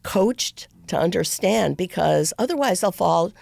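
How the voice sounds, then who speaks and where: A woman's voice: on the low side, animated, measured pace, vocal fry, a little mellow, no echo. A middle-aged woman, a podcast guest, telling a long story in a rambling way with many restarts. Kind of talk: casual interview storytelling.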